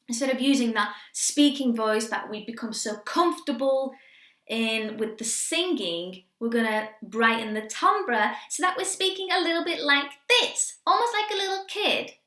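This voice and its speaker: A young woman teaches singing in a quick, chatty lesson, encouraging her listeners as she goes. Her voice sits high and sounds bright. The room around her is noticeably echoey. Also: animated. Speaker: vocal coach.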